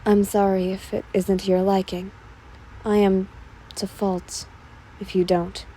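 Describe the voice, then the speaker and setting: A woman voicing an apologetic cloaked male servant, speaking low, quiet and deferential. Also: flat delivery, measured pace, a little hiss or hum, close to an everyday voice, low-quality recording.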